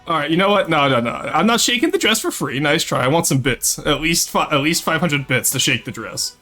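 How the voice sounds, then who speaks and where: A streamer at a desk microphone in a home room, joking with chat. The voice swings widely in pitch as the streamer teases the viewers and laughs often, and faint music plays behind. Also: animated, fairly quick, sharp tone. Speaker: VTuber streamer. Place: home, second-floor room.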